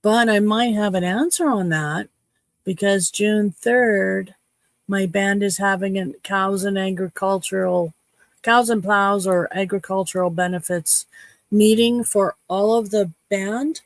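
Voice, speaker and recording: A woman's voice: mid-range voice, fairly even intonation, measured pace, no room sound. A woman in her fifties from Canada, casually chatting with her livestream viewers in a cheeky, playful way. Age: 50s. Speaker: livestream host.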